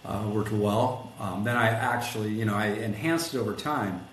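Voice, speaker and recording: A man telling a story in a casual interview, animated and acting out quotes, rough around the edges. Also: on the low side, normal speed. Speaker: guest, collision shop executive. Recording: echoey room with faint background noise.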